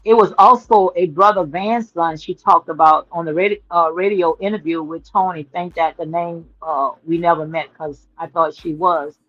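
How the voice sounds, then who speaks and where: A woman's voice: lowish voice, steady tone, moderate pace, few pauses, fairly bright tone, no echo. A sassy woman hosts a casual livestream straight into her phone. She is emphatic and says things over and over for effect. The sound is dry and a bit dull, with faint music underneath. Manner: sassy and emphatic, repeats phrases, says "honey". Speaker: livestream commentary host.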